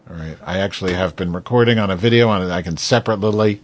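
A man's voice: low-pitched, fast talker, slight background noise. A man joking crudely with a co-host on a video call, teasing and swearing between laughs. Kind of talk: crude casual banter on a call.

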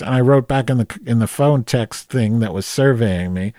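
A man's voice: mid-range voice, normal speed, few pauses, mellow, no room sound, clean studio sound. A man telling a comic story as a rant, profane and exasperated. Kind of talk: comedic rant monologue.

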